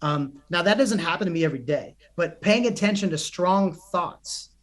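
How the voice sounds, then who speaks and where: A man's voice: high-pitched, normal speed. A young man, a psychotherapist and coach, telling stories in a podcast interview with earnest energy and frequent restarts. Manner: animated, earnest, many restarts.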